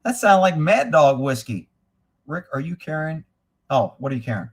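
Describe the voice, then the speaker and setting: A man's voice: fairly high pitch, animated, moderate pace, slightly rough. A middle-aged man hosting a casual livestream, blunt and crude, joking and reading viewer comments aloud. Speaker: livestream host reading chat. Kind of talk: casual profane livestream chat.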